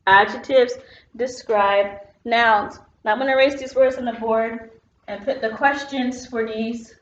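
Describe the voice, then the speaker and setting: A woman teacher talks slowly and patiently through a phonics lesson, pausing with the odd filler while she works at a whiteboard. Her voice sits a little high. The sound is dull and lo-fi with a roomy echo. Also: a bit bright. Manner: patient, explains step by step with filler words.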